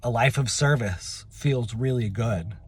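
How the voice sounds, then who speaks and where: A young adult man telling a personal story in a halting, emotional way, with many fillers and restarts. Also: mid-range voice, slightly rough. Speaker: vlogger.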